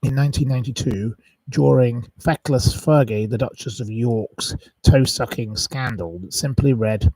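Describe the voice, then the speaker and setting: A man's voice: medium pitch, moderate pace, mellow, dry recording, distant mic, rough recording. A man hosting a live quiz, chatting casually, rambling and reeling off long lists of wrong answers. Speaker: quiz host on a live stream.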